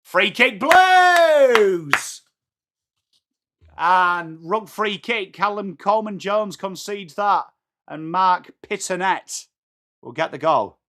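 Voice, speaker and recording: Excitable English man calling the footy. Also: high-pitched, takes it slowly. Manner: swears, jokes, shouts at big moments. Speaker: live match watchalong commentator. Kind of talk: excitable live commentary.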